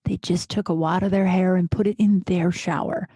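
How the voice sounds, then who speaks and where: A woman in her thirties hosting a podcast, telling stories in a rambling, animated way, jittery and over-caffeinated. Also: fairly low pitch, normal speed, breathy edge, dry recording. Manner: rambling, animated, full of restarts and asides. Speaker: podcast host. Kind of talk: casual storytelling monologue.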